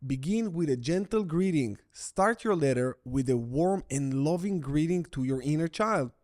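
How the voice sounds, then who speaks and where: A man's voice: a little high, expressive, moderate pace, a little mellow. A middle-aged man coaching viewers through breakup recovery, blunt and emphatic, repeating his key phrases for weight. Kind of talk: direct-to-camera coaching talk.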